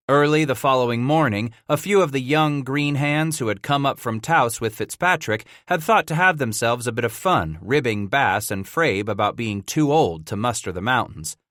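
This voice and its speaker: A man reads a western audiobook in a steady storytelling manner. His voice sits at a middle pitch. The recording is dry and close, with no room sound. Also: normal speed, few pauses, dry recording. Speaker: audiobook narrator. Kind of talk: scripted narration.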